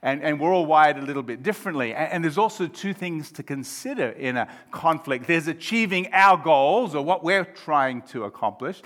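A man's voice: on the high side, lively intonation, moderate pace, hardly any pauses, fairly bright tone. A man preaching a sermon as pastor of his church, joking and drawing the congregation in. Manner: humorous, engaging the congregation.

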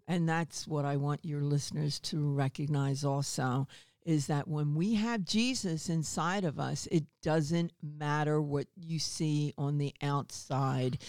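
A man as a guest in a faith-based interview, speaking in a measured, affirming way and giving gentle advice. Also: fairly high pitch, clean tone, no room sound, clean studio sound.

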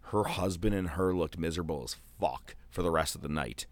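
Profane, animated man telling a rant. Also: deep voice, a little fast, no echo. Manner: profane, animated, acts out quotes. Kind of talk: casual storytelling rant.

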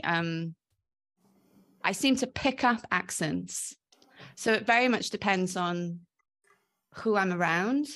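A woman's voice: on the low side, fairly bright tone. A woman in her forties with a blended Welsh and Australian accent, telling her life story as an interview guest, reflective and full of ums. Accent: mixed Welsh and Australian. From South Wales. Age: 40s. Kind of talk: casual interview chat.

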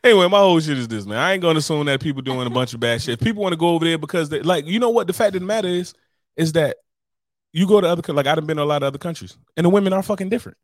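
A young man co-hosting a podcast, swearing freely and telling rambling, animated stories in casual chat. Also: on the high side, very fast, no echo, clean studio sound. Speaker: podcast co-host.

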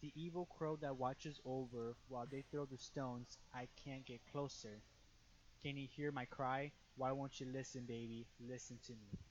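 A man in a casual songwriting session, reading out draft lyrics with halting restarts. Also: medium pitch, steady tone, muffled recording, a little hiss or hum.

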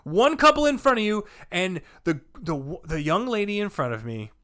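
A man, a comedian guest, telling a rowdy, profane story with animated delivery and sudden shouts. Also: sits high, moderate pace. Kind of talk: storytelling chat.

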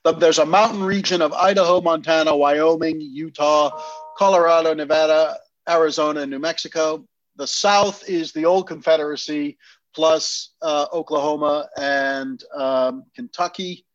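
A man from New England with a fairly high voice, musing aloud on a podcast. He hedges and restarts often as he thinks. The recording is dry and slightly muffled. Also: fairly even intonation, moderate pace, no room sound. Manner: thoughtful, hedging, with many restarts. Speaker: podcast co-host. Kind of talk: casual discussion.

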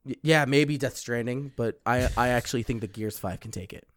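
A man's voice: medium pitch, fairly quick, no echo. Young male co-host, blunt and profane, dry close recording. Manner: blunt, swears casually, reads lists aloud. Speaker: podcast co-host. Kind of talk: casual chat.

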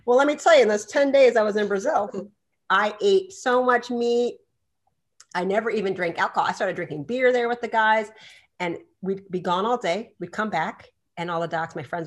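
A woman's voice: mid-range voice, normal speed. A woman guest telling a story in a casual interview, acting out quotes with bursts of laughter. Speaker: doctor and podcast guest.

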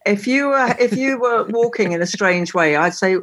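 A woman's voice: mid-range voice, lively intonation, moderate pace, a bit bright. A woman on a call, chatting casually and telling stories from her touring days, playfully acting out examples. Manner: chatty storyteller, playfully demonstrates slang. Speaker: guest musician.

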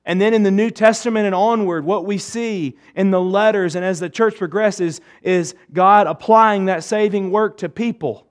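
A male pastor preaching a sermon to his church, emphatic, swinging between raised urgency and hushed intensity. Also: high voice, moderate pace, hardly any pauses.

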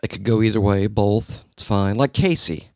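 A man's voice: fairly low pitch, normal speed, darkish tone, no room sound, studio quality. A man co-hosting a podcast in casual chat, jokey and rambling, laughing often as he reads a listener's message. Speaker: podcast co-host.

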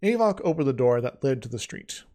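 A man's voice: mid-range voice, sing-song, fairly quick, mellow. A man reading his own story aloud in a casual way, with frequent slips and restarts.

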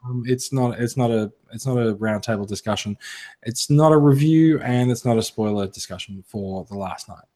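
A man's voice: medium pitch, normal speed, warm tone. A man with an Australian accent hosting a casual podcast, chatty and prone to restarting phrases. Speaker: podcast host.

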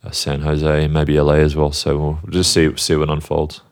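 A man, a guest DJ, chatting casually in an interview, relaxed and rambling with fillers. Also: very deep voice, normal speed.

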